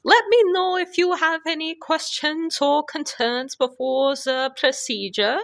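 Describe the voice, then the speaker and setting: A woman voicing a chirpy female dental surgeon with a heavy foreign accent, high and sing-song. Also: expressive, moderate pace, sharp tone, no room sound, clean studio sound. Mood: sweet.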